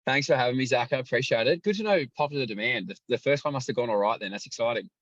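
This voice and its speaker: A young man, a sports journalist and commentator, telling stories loudly and freely in a casual podcast chat. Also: medium pitch, very fast, no echo, highs cut off. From Australia. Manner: loud, outlandish storyteller.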